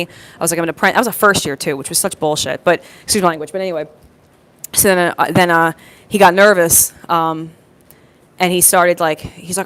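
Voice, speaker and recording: A woman's voice: fairly low pitch, fairly even intonation, quick pace, fairly bright tone, clear, resonant tone. A young woman, a plumbing apprentice, chatting casually to her phone on a work break, rambling through a story with lots of fillers and restarts. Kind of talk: casual live-stream storytelling.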